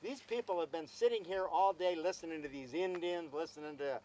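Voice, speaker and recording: Man, high voice, storytelling speech, acts out dialogue, light background noise. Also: a little fast, a little mellow, poor audio. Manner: anecdotal, repeats himself, acts out dialogue. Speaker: speaker at a celebration.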